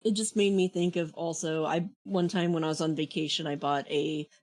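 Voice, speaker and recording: A woman co-hosting a casual podcast, soft-spoken, laughing often and adding short agreeing sounds. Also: deep voice, fairly even intonation, moderate pace. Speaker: podcast co-host.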